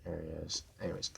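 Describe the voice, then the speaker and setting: A tired young man rambling deadpan through casual gameplay commentary, with sudden loud outbursts. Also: sits low, gravelly, husky.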